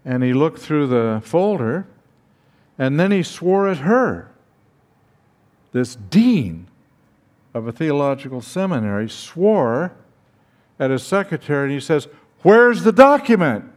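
An older man slowly telling a personal story, acting out the dialogue with dramatic pauses. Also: mid-range voice, big pitch swings, a little mellow. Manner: slow, dramatic retelling with acted dialogue. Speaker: speaker recounting his teaching past.

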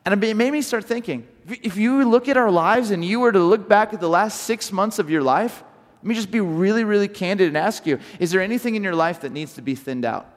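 A man from Southern California preaching a sermon, telling stories in an animated way and often restarting his sentences. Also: sits high, in a large hall. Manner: animated storytelling with repeated restarts. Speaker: pastor.

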